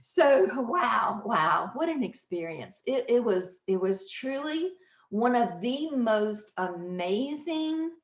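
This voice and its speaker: Middle-aged woman podcast host, emotional storytelling, trips over her words, echoey dull-sounding room. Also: mid-range voice. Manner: emotional, breathless and self-interrupting. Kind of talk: personal storytelling. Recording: echoey, slightly dull recording.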